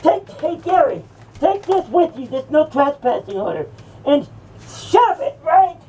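Voicing a sneering male horror villain, a woman goes off on an improvised, mocking tirade, breaking into sudden shouts and cackles. She sounds high-pitched and very animated but keeps a measured pace. It's recorded on a distant mic with slight noise.

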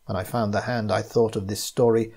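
A man voicing Abdul, a frightened loyal servant who speaks low and pleading. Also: little pitch movement, brisk, vocal fry, mellow. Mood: subdued.

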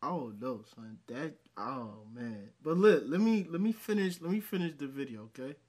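Lively, excitable male vlogger. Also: medium pitch, moderate pace. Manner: excitable, swears, bursts into loud laughter. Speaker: video host. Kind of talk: casual reaction vlog.

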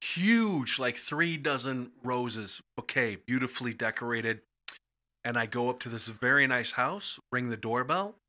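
This storyteller guest, a Midwestern man, keeps a measured pace as he spins wild tales in an animated podcast studio conversation. Whenever he quotes someone, he swings sharply in pitch and volume to act out the voice.

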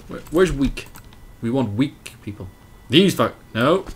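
A young man casually commentating his strategy game, animated, self-mocking and swearing at the game as he plays. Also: mid-range voice, a little slow, husky. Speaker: let's play host.

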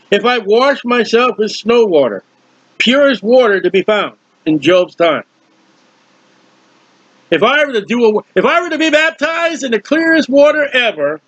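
A man preaching a verse-by-verse Bible teaching, animated and questioning his listeners. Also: high-pitched, dry recording. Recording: dull lo-fi dry recording.

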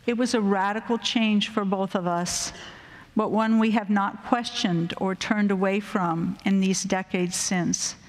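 A middle-aged woman tells a personal faith story in a measured, earnest way, her voice sitting at an ordinary middle pitch. The sound carries the long reverb of a large chapel auditorium. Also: steady tone. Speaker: professor giving a chapel talk. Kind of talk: personal faith testimony and prayer.

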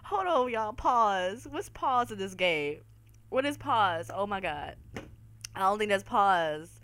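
Jumpy, lively woman gaming host. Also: medium pitch, takes it slowly. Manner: jumpy, swearing, loud frightened outbursts; talks to viewers as y'all. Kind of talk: horror game let's-play commentary.

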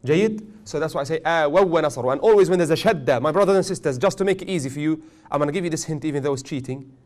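A man's voice: on the high side, very fast. Man teaching a recitation class. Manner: questions the class often, with gentle joking. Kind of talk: classroom tajweed lesson.

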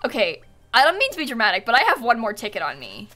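A woman live-streaming a video game, chatting with viewers in an excitable, dramatic, giggly way. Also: a little high, fast, soft background music. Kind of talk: live-stream chat while gaming.

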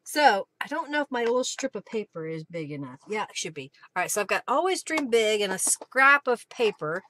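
A woman hosting a live craft stream, chatting casually, thanking viewers by name and often clearing her throat. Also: medium pitch, very animated, brisk, pushed and bright.

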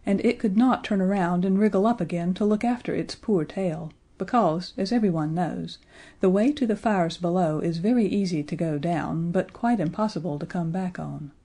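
A woman narrating a children's audiobook in a gentle, expressive way. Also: lowish voice, normal speed, slightly rough.

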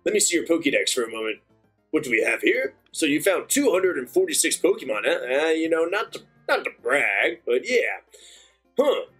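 A man's voice: on the high side, sing-song, moderate pace, fairly bright tone, husky, soft background music, heavily acted. A man voicing a cheerful older male professor in a put-on British accent, reading game dialogue in an effusive, theatrical way.

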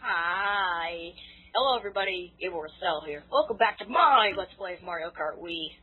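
A teenage American girl drops deadpan, teasing remarks in a casual chat. Her slightly husky voice sounds tinny and thin, as if over a voice call. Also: fairly low pitch, normal speed. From United States. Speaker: guest.

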